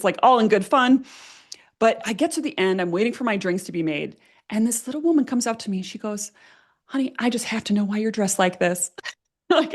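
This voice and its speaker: A woman presenting at a workshop, telling a personal story in a lively way, laughing often and using many fillers. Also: mid-range voice.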